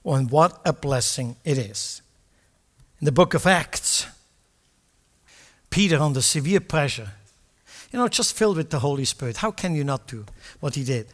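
An older man preaching a sermon with passion, moving from quiet asides to loud declarations. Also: a little high, expressive, normal speed, pauses often. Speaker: pastor. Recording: long hall reverb.

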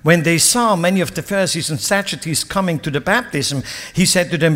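High-voiced preacher in an echoing hall. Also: male voice, expressive, normal speed, fairly bright tone. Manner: dramatic, acts out voices in the scripture. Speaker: pastor. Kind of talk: sermon. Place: church hall. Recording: long reverb of a church hall.

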